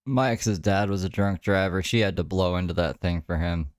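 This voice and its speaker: A man's voice: low voice, normal speed. A man giving blunt, profane, mocking reaction commentary.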